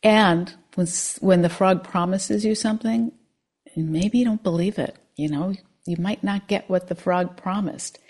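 Woman meditation teacher, lowish voice, soft and slow, contemplative dharma talk. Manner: soft, slow and contemplative, at times near a whisper.

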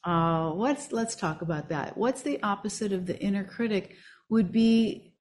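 A woman's voice: medium pitch, measured pace, darkish tone, a little hiss or hum. Affirming woman meditation teacher. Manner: enthusiastic, affirming. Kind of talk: leading a group discussion.

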